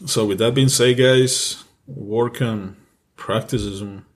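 A man with a Mexican accent, a native Spanish speaker, co-hosts a casual podcast in a steady, mid-range voice at a slow pace, with a noisy background. He's earnest and repetitive, and he swears freely.

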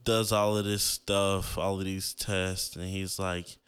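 A man's voice: deep voice, level tone, takes it slowly, fairly bright tone, smooth. A young man in his twenties hosting a podcast, telling a personal story in a casual, emotional way, with many filler "likes". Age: 20s. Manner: casual, emotional, heavy use of "like". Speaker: podcast host.

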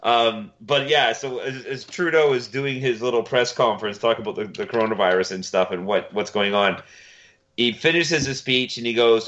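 Bright-voiced man rambling with lo-fi sound. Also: mid-range voice, fairly quick. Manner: rambling, laughs often, trails off with fillers. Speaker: podcast co-host. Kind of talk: casual chat.

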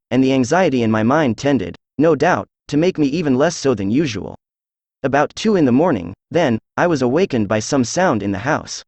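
A synthesized male voice narrates a classic story in a steady, measured way. His pitch is middling and the sound is dry and close, with no room around it. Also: no room sound. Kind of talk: audiobook narration.

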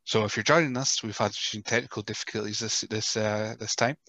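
A man's voice: fairly low pitch, steady tone, fairly quick, sharp tone, dry recording. A man hosting a podcast, chatting casually and often stumbling into restarts. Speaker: podcast host.

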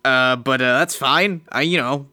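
A man's voice: medium pitch, unhurried, pushed and bright. A man voicing a lonely, poetry-loving male bridge troll who talks in a chatty, hesitant way. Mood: stubborn.

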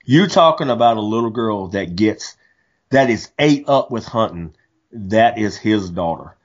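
Animated male storyteller, lo-fi podcast. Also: fairly low pitch, unhurried. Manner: animated storyteller, frequent restarts. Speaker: podcast co-host. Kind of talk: casual hunting chat. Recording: dull lo-fi podcast audio.

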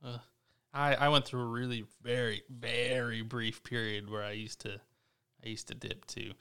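A man's voice: medium pitch, level tone, moderate pace, pushed and bright, smooth. A laid-back man in casual chat, joking and swearing casually. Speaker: podcast co-host.

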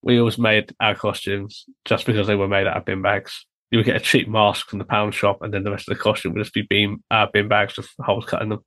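A man co-hosting a casual chat, teasing the others and laughing loudly. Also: lowish voice, flat delivery, fast, hardly any pauses. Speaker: podcast co-host.

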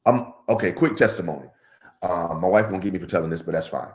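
A middle-aged man talking in a casual podcast chat, animated and laughing often as he tells a story. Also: quick pace. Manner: animated, laughs often, jumps high when excited. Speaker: podcast guest.

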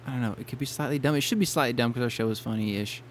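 A man's voice: medium pitch, rapid-fire, a little hiss or hum. Laughing, rambling young male podcast host. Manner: laughing often, rambling and self-correcting. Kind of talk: casual banter while planning intros.

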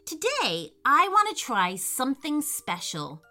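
A woman's voice: high-pitched, wildly swooping pitch, measured pace, bright, forceful tone, faint music behind, heavily acted. A woman voicing a cheerful, curious seven-year-old girl in a children's story, eager and wide-eyed.

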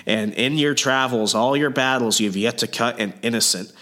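A man's voice: medium pitch, fairly quick, bright, forceful tone, natural voice. A man voicing the ghost of an old male lord, giving a solemn warning in his own plain voice.

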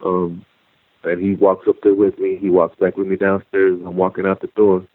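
A man telling his own story as a guest, halting and repeating words as he goes. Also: low-pitched, monotone, no room sound. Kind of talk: personal storytelling. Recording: tinny phone-like line.

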